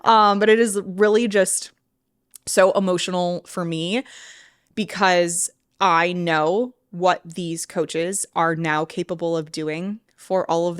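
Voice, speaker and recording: A woman in her thirties talks through her solo podcast with a slightly low, emotional voice that keeps breaking into laughter. The sound is dry and close, with no room around her. She swears freely when she gets worked up. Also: clean tone, no echo. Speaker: podcast host and mindset coach. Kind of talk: casual solo podcast talk.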